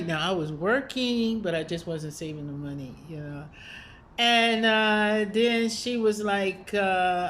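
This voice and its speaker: A woman's voice: medium pitch, expressive, moderate pace, a bit bright, a little hiss or hum. A woman hosting a spiritual video series, telling a personal story in a casual, reflective way with many fillers and small laughs.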